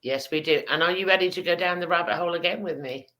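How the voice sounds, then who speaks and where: A woman's voice: fairly low pitch, quick pace, sharp tone. A woman hosting a chat show in a casual, chatty way, her throat sore from hay fever.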